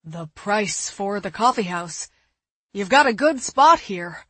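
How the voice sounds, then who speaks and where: A blunt, practical young man, read by a woman narrator in an audiobook, his voice raised and forceful. The reading is slow and husky, recorded dry and close. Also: mid-range voice, lively intonation, dry recording, full character voice.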